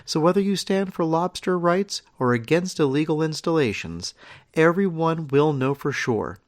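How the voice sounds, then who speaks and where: A man's voice: fairly high pitch, lively intonation, moderate pace. A male comedy podcast host reading fake ads and listener questions in a dry, mock-serious way.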